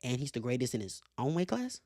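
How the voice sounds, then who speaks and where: A man hosting a casual sports commentary show, animated and profane, laughing often as he makes his case. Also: mid-range voice, quick pace, no room sound, studio quality. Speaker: show host.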